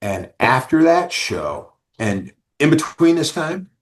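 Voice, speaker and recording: A man's voice: a little high, slow. A man, a rock singer, telling stories in a casual interview and acting out what others said. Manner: animated storyteller who acts out others' lines.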